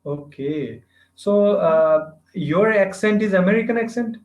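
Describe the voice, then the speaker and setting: A man practicing English in a casual conversation over a video call, searching for words with halting phrasing. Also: high-pitched, a little mellow. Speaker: English learner. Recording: roomy, dull lo-fi video call audio.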